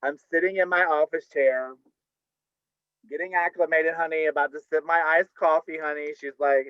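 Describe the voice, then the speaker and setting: A man's voice: on the high side, fairly even intonation, moderate pace, clear, resonant tone, no echo. An older man telling a camp, chatty personal story at a live storytelling night over a video call. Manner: campy, chatty, says "honey, okay?" often. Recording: dull, dry video call audio.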